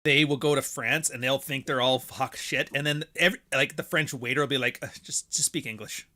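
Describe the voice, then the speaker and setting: A man's voice: mid-range voice, fairly even intonation, brisk, bright, forceful tone. A man from Canada in casual podcast chat, riffing and joking with frequent restarts.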